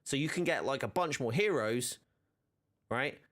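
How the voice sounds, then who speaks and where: A man's voice: medium pitch, animated, measured pace, fairly bright tone. Rambling male game streamer. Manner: rambling, filler-heavy, self-correcting. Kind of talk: casual stream chat.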